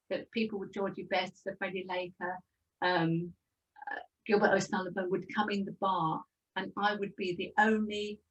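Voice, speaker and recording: A woman's voice: mid-range voice, recorded from a distance, dull audio. An older woman with a Birmingham accent, telling her life story as an interview guest in a chatty way, often repeating words. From Birmingham, England. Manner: chatty, lively, repeats words as she goes.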